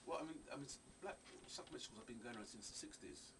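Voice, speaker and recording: A man's voice: medium pitch, rapid-fire. A man, a parent who helps at a Saturday school, answering interview questions earnestly, with frequent restarts. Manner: earnest, animated, with many restarts. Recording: distant mic with faint ambient noise.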